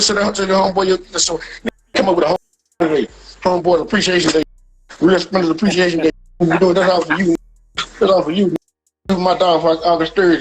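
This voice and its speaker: Brief: quick, high-pitched man, loose rambling banter over faint music. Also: low-quality recording. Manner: rambling, repeats "you hear me". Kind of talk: casual banter.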